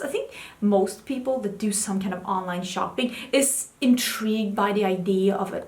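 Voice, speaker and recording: A woman beauty vlogger talking casually and candidly about new makeup releases. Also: echoey room. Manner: chatty, candid, talks to her cat in a high baby voice. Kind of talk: casual chat.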